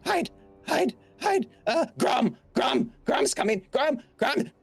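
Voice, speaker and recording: Scared simple creature buddy, a guy doing the voice, high and choppy, repeats every warning. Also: sing-song, slow, gravelly, husky, soft background music, heavily acted. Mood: frightened. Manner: broken, repetitive warnings.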